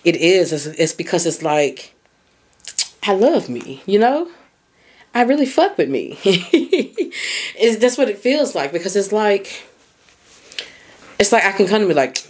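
A woman's voice: on the low side, big pitch swings, unhurried, long pauses. A woman hosting a podcast and coaching, talking in a candid, conversational way with casual swearing and frequent laughter. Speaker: podcast host and mindset coach.

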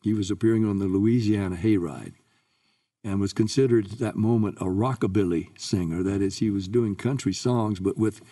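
Older man telling stories, low and mellow. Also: moderate pace, far from the mic. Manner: lively recounting, acts out quoted voices. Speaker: guest singer. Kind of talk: anecdotal interview storytelling.

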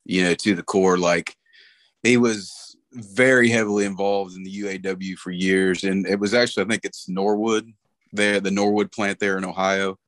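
A man's voice: deep voice, flat delivery, normal speed, fairly bright tone, dry recording. A middle-aged man talking casually about a late friend, rambling with lots of fillers. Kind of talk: casual conversation.

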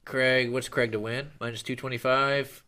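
A man hosting a casual podcast chat, briskly steering the talk and cueing the producer. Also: mid-range voice, flat delivery, very noisy. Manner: brisk, directs the show and the producer. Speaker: host.

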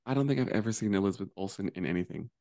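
A man co-hosting a casual pop-culture podcast, animated and campy, slipping into mock voices for jokes. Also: lowish voice, rapid-fire, vocal fry. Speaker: podcast co-host. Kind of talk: casual chat.

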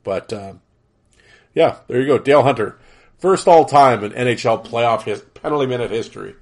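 A man's voice: mid-range voice, moderate pace. A man hosting a casual solo podcast, his voice nasal and stuffed up from allergies, rambling with many fillers and restarts. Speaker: podcast host.

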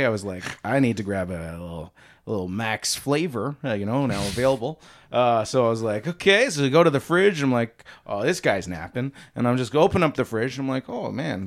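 A man improvising a simple-minded husband who sells his homemade beer, telling his story in a rambling, defensive way and laughing as he goes. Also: mid-range voice. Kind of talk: improvised comedy interview.

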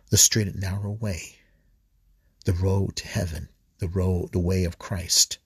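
Husky low-voiced man preaching. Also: fairly even intonation, unhurried, fairly bright tone, no room sound, clean studio sound. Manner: earnest, repetitive, with restarts and throat clearing. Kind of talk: podcast scripture reflection.

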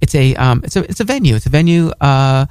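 A man's voice: mid-range voice, lively intonation, fast, darkish tone, smooth, no echo, studio quality. A man in his forties chatting casually on a podcast, rambling and repeating words as he promotes his shows.

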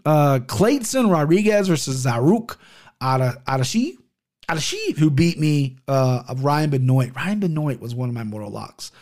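A man's voice: medium pitch, expressive, a little fast, a little mellow. A man hosting his own podcast in casual solo chat, rambling, swearing freely and stumbling over names. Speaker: podcast host.

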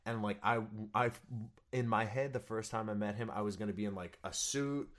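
A man's voice: fairly low pitch, normal speed, a bit bright. A young man, a stage actor, chatting as a guest in an eager, earnest way, with lots of fillers and restarts. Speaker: musical theater actor, guest. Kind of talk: casual interview chat.

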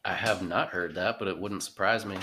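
A man's voice: low voice, fairly even intonation, brisk, pushed and bright, a little hiss or hum. A man who is an aviator, a guest on a podcast, talking in an easygoing, matter-of-fact way in casual conversation. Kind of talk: casual interview chat.

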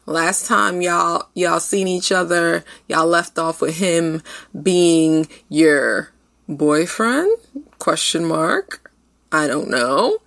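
A woman's voice: lowish voice, vocal fry, a bit bright, no echo. A woman co-hosting a casual recap chat, sassy and blunt. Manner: sassy, blunt, laughing asides. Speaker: podcast co-host.

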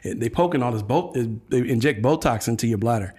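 A man's voice: medium pitch, quick pace, breathy edge. Man telling a wild story, full of restarts. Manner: animated, laughing storytelling with many restarts. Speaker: podcast guest. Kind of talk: casual chat.

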